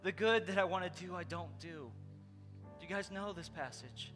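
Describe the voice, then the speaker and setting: A man whose voice sits high preaches at a moderate pace, conversationally telling his congregation a personal story with earnest directness. The sound has long hall reverb, with loud music playing behind.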